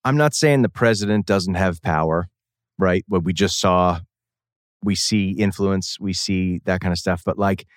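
A man with a Boston accent, a musician guest on a podcast, talking in an animated, rambling and earnest way. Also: sits low, measured pace, dry recording, clean studio sound. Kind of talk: casual podcast chat.

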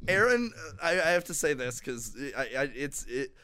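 A man's voice: mid-range voice, very animated, moderate pace, pushed and bright. Rambling young man hosting a comedy podcast. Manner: rambling, with many fillers and restarts. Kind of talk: casual comedic chat.

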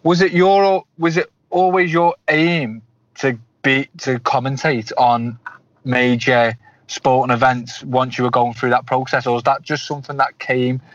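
A man in his thirties hosts a football podcast, asking long, winding questions that stumble over restarts before getting to the point. His pitch is middling, and the audio has a dull, lo-fi quality. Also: fairly even intonation, unhurried, dry recording. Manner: rambling, many restarts. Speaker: podcast host. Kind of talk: interview questions.

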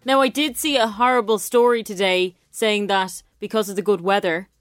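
A woman's voice: mid-range voice, fairly even intonation, moderate pace, no room sound, studio quality, faint music behind. Squeamish woman, radio co-host. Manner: squeamish, protesting, exasperated. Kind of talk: casual radio banter. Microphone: studio microphone.

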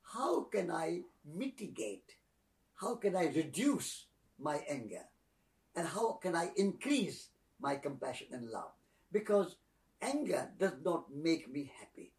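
Soft-spoken man teaching from afar. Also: on the high side, sing-song, far from the mic. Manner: slow, soft-spoken, repeating phrases like a litany. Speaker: spiritual teacher. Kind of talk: calm reflective teaching.

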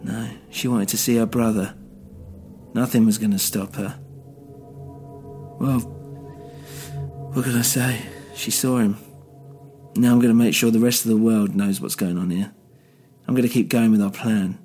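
A man's voice: on the low side, steady tone, normal speed, long pauses, mellow, faint music behind, close to an everyday voice. A man doing a fierce grieving woman. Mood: determined. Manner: raised, pressing, blunt. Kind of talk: single-voice audio drama.

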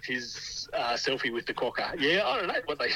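A man's voice: medium pitch, big pitch swings, normal speed, bright, forceful tone, poor audio. A man, a wildlife scientist guest answering questions hesitantly with frequent laughs. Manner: hesitant, laughs often, many ums. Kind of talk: interview answers.

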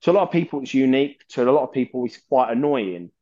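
On a metal podcast, a male guest with a mid-range voice talks fast and animatedly, rambling with passion and swearing plenty. His tone is mellow, the audio is dull, and the exchange is a casual chat.

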